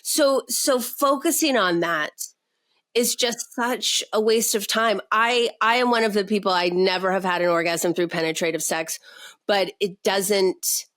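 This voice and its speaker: A woman's voice: medium pitch, a little slow, fairly bright tone. A woman sex therapist, a guest on a podcast, talking frankly and emphatically and swearing freely in casual conversation.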